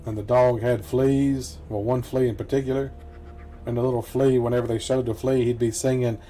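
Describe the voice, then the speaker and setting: A middle-aged man gives casual, rambling commentary while playing a game. His voice is mellow and average in pitch, and his easygoing manner is broken by frequent quiet chuckles. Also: level tone, moderate pace, soft background music. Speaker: gameplay commentator. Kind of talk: casual let's-play commentary.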